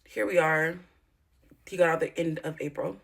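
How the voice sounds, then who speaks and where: Woman vlogger, lowish voice, blunt and profane, rambling storyteller with emphatic outbursts. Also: steady tone, normal speed, vocal fry, slight background noise. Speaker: YouTuber. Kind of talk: candid storytime vlog.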